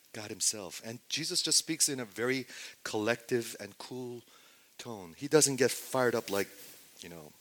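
A man preaching a sermon, moving between loud emphatic stretches and hushed near-whispers, and putting rhetorical questions to his listeners. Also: fairly low pitch, poor audio. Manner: asks the audience rhetorical questions. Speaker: pastor.

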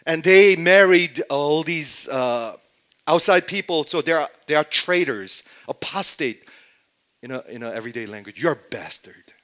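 A man preaching a sermon, moving between loud emphatic stretches and hushed near-whispers, and putting rhetorical questions to his listeners. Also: a little high, animated, moderate pace, rough recording. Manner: asks the audience rhetorical questions. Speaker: pastor.

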